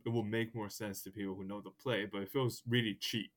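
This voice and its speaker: A man's voice: lowish voice, fairly even intonation, brisk. A man co-hosting a podcast, discussing a film in a dry, matter-of-fact way. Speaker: podcast co-host.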